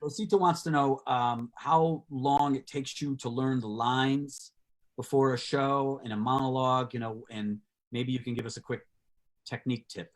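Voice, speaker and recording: Male host, online show, halting, lots of ums, video call sound. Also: mid-range voice, steady tone. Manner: halting, filler-heavy questions. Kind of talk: online talk show interview.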